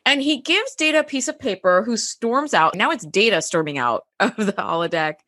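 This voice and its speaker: A woman's voice: medium pitch, expressive, moderate pace, pushed and bright, no echo, clean studio sound. A woman co-hosting a podcast, chatting casually and animatedly, acting out lines and laughing often. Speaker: podcast co-host. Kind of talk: casual recap chat.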